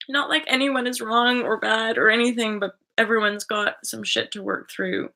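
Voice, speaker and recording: A woman's voice: on the high side, normal speed, vocal fry, pushed and bright. A woman hosting her own channel as a spiritual coach, talking in a loose, rambling way, full of "like" and casual swearing.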